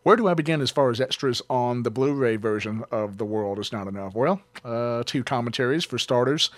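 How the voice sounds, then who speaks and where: A medium-pitched man, speaking a little fast with no room sound, reviews home video releases on his online radio show. He keeps it loose and jokey, wandering into tangents and filling gaps with many "uh"s.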